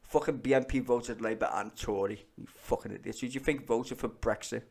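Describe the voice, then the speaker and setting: Give me a gravelly man in his forties, blunt and foul-mouthed, ranting on a live stream. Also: medium pitch, fairly even intonation, brisk, darkish tone. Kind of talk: profane live-stream commentary.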